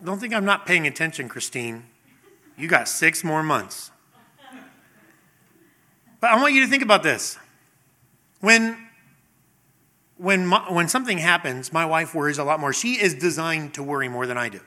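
A man's voice: on the high side, animated, normal speed, long pauses, sharp tone. A middle-aged man preaching a sermon in a conversational way, asking the congregation questions and acting out little scenes. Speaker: pastor.

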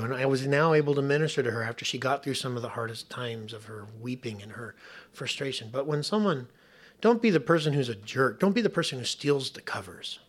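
Bright-voiced pastor preaching casually. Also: male voice, medium pitch, quick pace. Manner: conversational, humorous, drops to soft tones when serious. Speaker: pastor and hospice chaplain. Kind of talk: sermon.

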